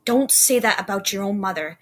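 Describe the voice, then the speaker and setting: A woman voicing a stern, angry father who is close to shouting in a storybook reading. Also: fairly high pitch, expressive, moderate pace, breathy edge, heavily acted.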